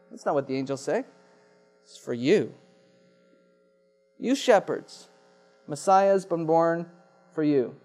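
A man's voice: fairly high pitch, animated, takes it slowly, long pauses, a little mellow. A man preaching a sermon, emphatic and repeating key phrases for effect. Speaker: pastor.

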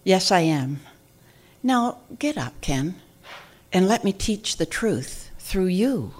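A woman voicing God in a church skit, speaking to a pastor in a measured, reassuring way. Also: fairly low pitch, big pitch swings, darkish tone, heavily acted. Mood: calm, reassuring.

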